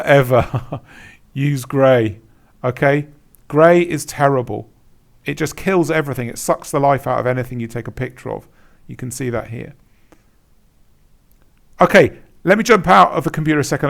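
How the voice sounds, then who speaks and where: A man's voice: mid-range voice, gravelly, fairly bright tone. A man working as a shop consultant, talking through a screen-share tutorial in a blunt, emphatic way, repeating words and laughing at bad examples. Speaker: Etsy consultant.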